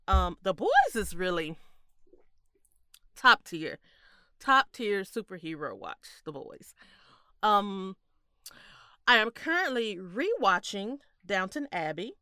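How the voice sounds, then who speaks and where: A woman co-hosting a casual chat podcast, emphatic and quick to laugh. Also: medium pitch, clear, resonant tone, no room sound, clean studio sound. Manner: animated, laughs often, emphatic. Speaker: podcast co-host.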